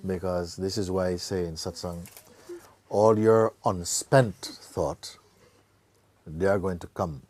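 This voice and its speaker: A man acting as a spiritual teacher, telling a parable in an animated way, laughing often and tagging his lines with "no?". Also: low voice, takes it slowly. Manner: lively and animated, laughs often, tags lines with "no?" and "you know". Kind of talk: storytelling in a spiritual talk.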